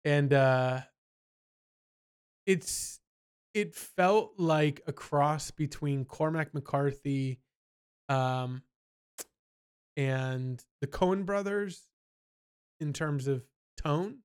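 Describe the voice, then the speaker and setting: A young man in casual podcast chat, with a smooth, clear tone and a somewhat raised pitch. He tells stories with an animated, rambling energy, slipping into quick impressions of people. The talk feels loose and friendly. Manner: animated storyteller, mimics people in quotes. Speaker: podcast co-host.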